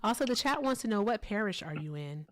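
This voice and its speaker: A woman's voice: mid-range voice, expressive, fast talker, dry recording. A woman hosting a live political call-in stream, pressing a caller with pointed questions. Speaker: host.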